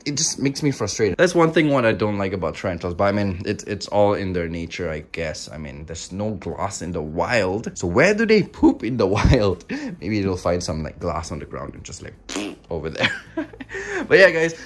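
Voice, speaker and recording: A man hosting a casual hobby vlog at home beside tarantula enclosures, rambling and joking in an excitable way. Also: on the low side. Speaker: reptile and tarantula keeper, channel host.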